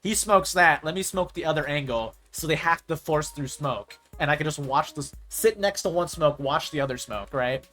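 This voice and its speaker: A man's voice: on the high side, moderate pace, hardly any pauses, pushed and bright, faint music behind. A young man streaming a game, chatting casually and rambling, often saying "like" and ranting when annoyed. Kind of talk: casual live-stream chat while gaming.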